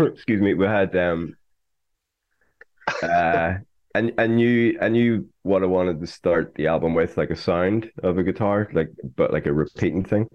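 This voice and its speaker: A musician being interviewed talks slowly through his band's song, halting, restarting and leaning on fillers. His voice is extremely deep, and the recording is dull and lo-fi. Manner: hesitant, many fillers and restarts. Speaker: band member, musician. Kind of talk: casual interview chat. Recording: dull lo-fi audio.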